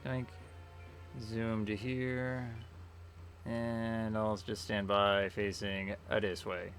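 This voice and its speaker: Gravelly man musing over a game. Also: on the low side, slow. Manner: relaxed, thinking aloud with fillers. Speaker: streamer playing a tactics game. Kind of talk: casual game commentary. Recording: faint game music behind.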